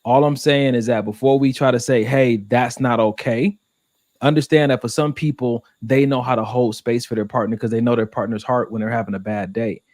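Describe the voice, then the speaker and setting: A man's voice: medium pitch, steady tone, fairly quick, hardly any pauses, darkish tone, no echo. Earnest man talking relationships, dry mic. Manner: earnest, reflective, speeds up when making a point. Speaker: podcast co-host. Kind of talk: casual relationship podcast discussion.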